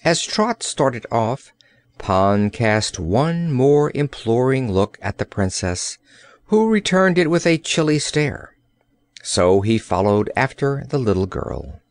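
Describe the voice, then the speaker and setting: A man narrating a children's fantasy audiobook with expressive storytelling. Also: medium pitch, slow pace, no echo. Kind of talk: scripted narration.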